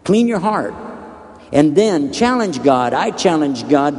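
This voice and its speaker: A man's voice: on the high side, sing-song, slow, a little mellow, in a large hall. A man preaching a sermon in a direct, earnest way, speaking straight to his audience. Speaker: religious speaker.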